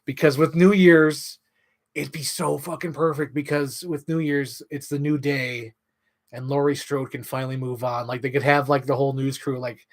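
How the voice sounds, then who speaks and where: A man in an excited, rambling monologue, swearing freely and filling his talk with "like". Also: mid-range voice, normal speed. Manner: enthusiastic, profane, filler-heavy. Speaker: channel host.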